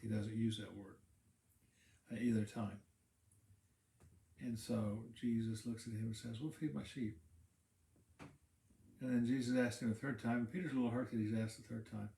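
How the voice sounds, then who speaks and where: A man's voice: lowish voice, flat delivery, normal speed, gravelly, long pauses, warm tone, slight background noise. A man, a pastor, giving a casual Bible teaching talk, explaining in a conversational way and repeating words while he thinks. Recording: roomy echo.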